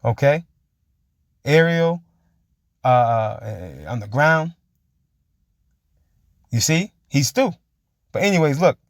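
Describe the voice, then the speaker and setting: A man preaching emphatically, reading scripture slowly and forcefully and checking in with his listeners again and again. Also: mid-range voice, big pitch swings, no room sound, clean studio sound. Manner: emphatic, keeps asking "you see?" and saying "man". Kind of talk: street-style sermon with scripture reading.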